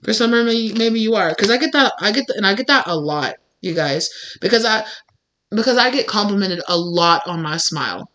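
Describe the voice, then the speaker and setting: A woman's voice: medium pitch, expressive, brisk, a bit bright, muffled recording. A young woman reading tarot for her channel, talking candidly and emphatically in a loose, chatty way full of "like" and "you know". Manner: candid, emphatic, uses fillers like "like". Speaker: tarot reader. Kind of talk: casual tarot reading monologue.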